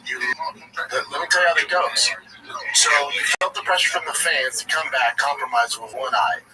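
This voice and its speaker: A man's voice: on the high side, normal speed, over loud music. A man hosting a casual sports talk show, blunt and profane, often acting out what others said. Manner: blunt and profane, acts out quotes. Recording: distant mic with background noise.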